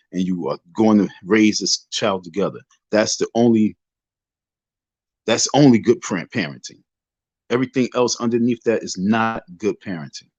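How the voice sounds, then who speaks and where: A man's voice: lowish voice, no room sound. A man hosting a casual livestream rant, talking emphatically and preachily, repeating his points and swearing freely. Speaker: livestream host. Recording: dull lo-fi dry sound.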